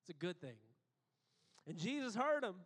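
A man preaching a sermon, emphatic, repeating phrases and building to excited peaks. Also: sits high, normal speed. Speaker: pastor. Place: church auditorium. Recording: long hall reverb.

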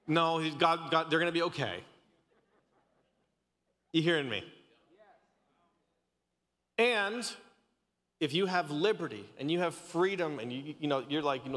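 A man's voice: on the high side, normal speed, long pauses, a bit bright, in a large hall. A man from Canada in his thirties preaching a casual, joking sermon, often stumbling and restarting his sentences. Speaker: pastor. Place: church sanctuary.

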